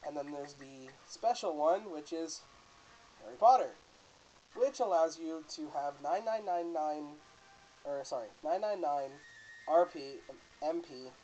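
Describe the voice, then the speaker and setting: A man's voice: a little high, mellow, highs cut off, a little hiss or hum. Joking man doing let's play commentary. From Canada. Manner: casual, joking, self-correcting. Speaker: host.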